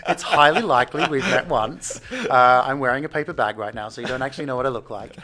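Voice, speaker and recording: A man's voice: medium pitch, fast, sharp tone. A man, chatting casually and telling rambling stories full of fillers. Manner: rambling storyteller, lots of fillers. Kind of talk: casual chat.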